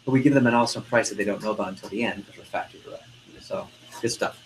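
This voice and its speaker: A man's voice: fairly low pitch, racing, a little hiss or hum, rough recording. A man leading a classroom sales training, stressing key words and having trainees repeat after him. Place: training room.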